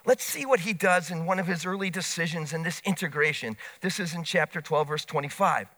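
A man preaching a sermon, retelling scripture in animated storytelling with casual asides. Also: sits high, fairly quick, hardly any pauses.

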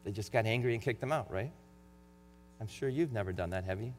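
A man's voice: lowish voice, a little fast. A middle-aged man preaching a sermon in an earnest, conversational way. He reads scripture with extra emphasis. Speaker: pastor. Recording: long hall reverb with faint mains hum.

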